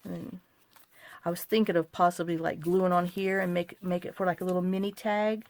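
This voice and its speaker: A woman's voice: on the low side, level tone, fairly quick, darkish tone. A woman, rambling and apologizing as she shows off a craft journaling project in a casual tutorial vlog, wired on too much caffeine. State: overcaffeinated. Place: home craft desk.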